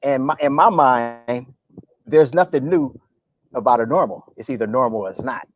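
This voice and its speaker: A man's voice: medium pitch, moderate pace, lo-fi sound. A man, a comedian, chatting casually in an interview, rambling through jokes and stories. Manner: jokey, rambling storyteller.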